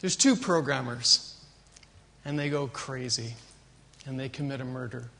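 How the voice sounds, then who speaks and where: A man's voice: medium pitch, measured pace, vocal fry. A man giving a conference keynote as an agile consultant, telling an opening joke and then explaining his background with frequent fillers. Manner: animated storyteller, jokes and fillers.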